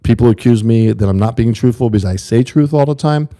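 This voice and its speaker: A man's voice: mid-range voice, fast, mellow. A man from the USA hosting a livestream, talking earnestly and rambling to his chat viewers in a casual monologue. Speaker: livestream host.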